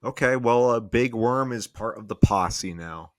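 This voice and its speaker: A man co-hosting a podcast, teasing with deadpan mock questions in casual chat. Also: mid-range voice, measured pace, no room sound, clean studio sound. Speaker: podcast co-host.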